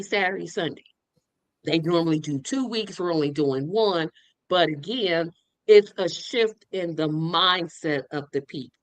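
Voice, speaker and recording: A woman's voice: mid-range voice, fairly bright tone, dry recording. A woman guest in a casual livestream chat, speaking with enthusiasm and emphatic repetition, over a video call.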